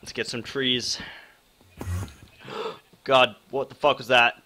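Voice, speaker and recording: A young man from Wisconsin giving excitable live commentary on a hard survival game, swearing often and greeting chat viewers. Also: medium pitch, slow pace, slight background noise. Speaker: game streamer.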